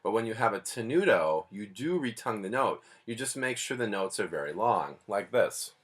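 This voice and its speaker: A man's voice: lowish voice, big pitch swings, moderate pace, fairly bright tone. A man teaching a band lesson in a patient, plainspoken, explanatory way. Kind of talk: music lesson.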